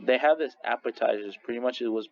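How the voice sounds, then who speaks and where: A young man talks loosely through a restaurant ranking, stumbling over words and dropping casual swears. His voice sits at an ordinary middle pitch. The recording is a bit muffled, with a faint hiss underneath. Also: fast. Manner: rambling, full of restarts, laughs often, swears casually. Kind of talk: casual rambling monologue. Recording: slightly dull lo-fi recording with faint noise.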